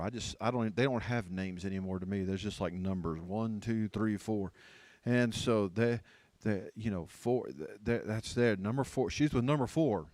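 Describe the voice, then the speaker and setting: A pastor in his fifties delivers a humorous sermon to a church leadership team, acting out voices and repeating phrases for effect. His voice is lowish with a darkish tone, and the church recording has no room sound.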